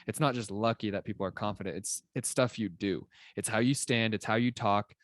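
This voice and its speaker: A young adult man co-hosting a podcast, explaining ideas in an animated, casual way with plenty of filler words. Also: fairly low pitch, fairly quick, no room sound, studio quality. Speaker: podcast co-host. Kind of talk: casual conversational chat.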